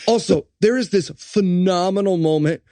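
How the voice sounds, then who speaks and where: A man's voice: high voice, normal speed, mellow, dry recording. A man co-hosting a comedy podcast, joking with a mock-dramatic delivery. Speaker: podcast co-host. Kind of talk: casual comedic podcast chat.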